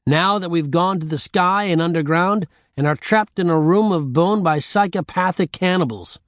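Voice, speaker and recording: A man's voice: sits high, normal speed, no echo, clean studio sound, natural voice. A man voicing a cowardly male talking frog in an audiobook, whiny and sarcastic. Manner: pleading, sarcastic complaining.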